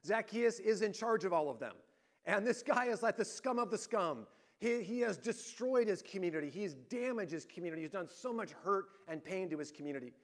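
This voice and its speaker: A man with a notably high voice preaches as a pastor. He tells his stories with energy, climbing in intensity on key moments and dropping almost to a murmur on others. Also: brisk. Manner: lively storytelling, swings between rising emphasis and hushed points. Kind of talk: sermon.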